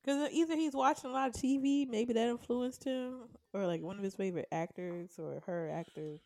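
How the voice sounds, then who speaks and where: A woman co-hosting a casual podcast chat, playful and quick to laugh. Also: a little high, darkish tone. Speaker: podcast co-host.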